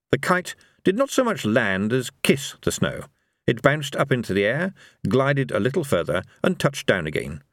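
Man, audiobook narration, expressive reading, animated pitch, dry sound. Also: normal speed, dry recording.

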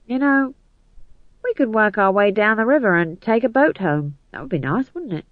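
A man's voice: high-pitched, lively intonation, moderate pace, no room sound, phone-quality sound, pitched above the performer's own voice. A man voicing a wistful, evasive male troupe boss in an audiobook reading. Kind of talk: audiobook narration.

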